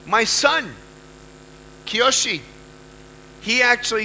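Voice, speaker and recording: A man's voice: very high voice, lively intonation, slow, pauses often, pushed and bright, slight background noise, rough recording. A man with an Australian accent giving an emphatic motivational speech to a live audience, repeating lines for effect. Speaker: motivational speaker.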